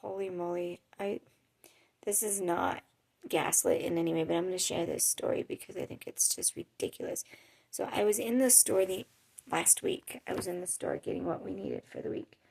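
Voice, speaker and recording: A woman's voice: fairly low pitch, expressive, normal speed, vocal fry, darkish tone, breathy edge. A woman vlogging about her life with chronic illness, telling stories in a chatty, rambling way with little laughs. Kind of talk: casual storytelling to camera. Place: home in a hot desert area.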